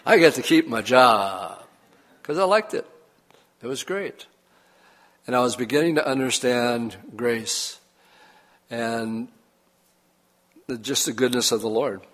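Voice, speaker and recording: An older man preaching a sermon, reading scripture and telling folksy personal stories with lively emphasis. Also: medium pitch, takes it slowly, pauses often. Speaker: pastor.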